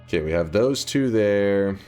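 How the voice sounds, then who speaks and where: A man's voice: on the low side, animated, unhurried, a little mellow, smooth, soft background music. A man giving casual gameplay commentary as a streamer, rambling, thinking aloud and answering chat.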